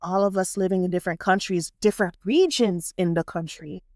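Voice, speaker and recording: A young adult woman from the United States, hosting a casual podcast conversation and telling stories in a lively way. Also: on the low side, brisk, dry recording, clean studio sound. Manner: lively storyteller who acts out what others said. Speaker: podcast host.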